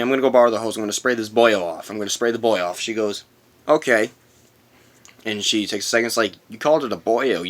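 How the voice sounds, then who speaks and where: Man, lowish voice, casual storytime vlog, rambling, repeats himself, blunt. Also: bright, forceful tone. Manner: rambling, repeats himself, talks in run-on quotes. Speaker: vlogger.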